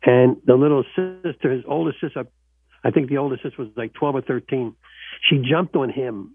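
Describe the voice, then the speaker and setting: A man's voice: mid-range voice, normal speed, husky, dry recording. A man hosting a radio talk show in casual chat, earnest and repeating himself for emphasis. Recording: dry tinny phone-like sound.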